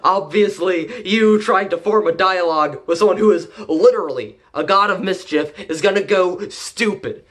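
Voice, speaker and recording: Guy doing a hotheaded young dude, blunt, scolding, kinda high voice. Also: normal speed, hardly any pauses, fairly bright tone. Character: hot-headed young man, blunt and angry.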